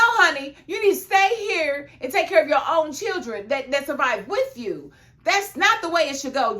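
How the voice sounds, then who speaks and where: Woman doing a chatty tv episode review, fairly high voice, emphatic, laughs a lot. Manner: emphatic and animated, with frequent laughs; chatty, drops into a low, confiding tone. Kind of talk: casual video review.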